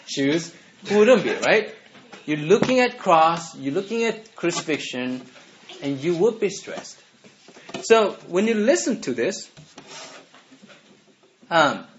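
Man, youth sermon, animated, laughs often, somewhat high voice, dull lo-fi recording. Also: a little hiss or hum. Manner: animated, laughs often, keeps asking "right?".

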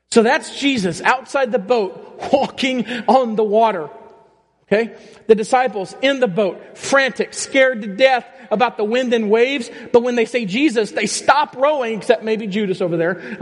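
A man with a high-pitched voice preaches a sermon to a congregation. He swings between animated, rising passages and quieter, slower stretches, often stopping to ask his listeners questions. His voice rings out with a long reverb in a church hall. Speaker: pastor.

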